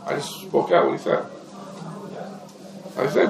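A man teaching a lecture on Jewish law, explaining rapidly and peppering his English with Hebrew legal terms. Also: a little high, gravelly. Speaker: rabbi teaching a class. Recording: echoey room.

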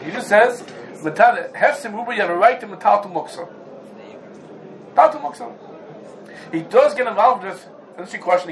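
Male Torah teacher, high pitch, animated lecture with rhetorical questions, faint room hiss. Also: rough recording. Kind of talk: Talmudic lecture.

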